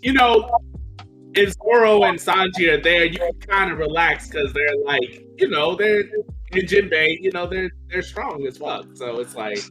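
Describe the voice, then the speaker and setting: A man with a bright, forceful voice pitched a little high, talking animatedly in a casual podcast chat. He slips into quick acted-out lines for characters. Faint music sits behind him. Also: very animated. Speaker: podcast panelist.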